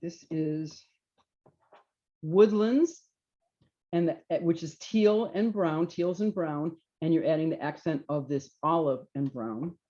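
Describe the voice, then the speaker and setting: A woman presenting knitting yarns and jackets to a small audience in a relaxed, chatty way, often trailing off with fillers and restarts. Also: low-pitched, slow pace, dull audio. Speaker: yarn shop presenter. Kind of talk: informal trunk show presentation.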